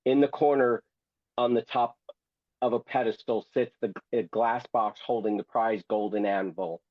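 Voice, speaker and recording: A man's voice: medium pitch, fairly even intonation, moderate pace, no room sound, highs cut off. A man who is a guest and memoir author, telling a story theatrically and with humor, acting out other people's voices. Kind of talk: storytelling, reading from his memoir.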